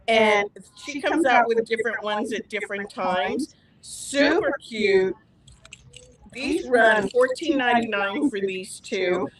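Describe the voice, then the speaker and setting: Chatty woman with a high voice. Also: poor audio. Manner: chatty, gushing. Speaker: fabric store host. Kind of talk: live product demo.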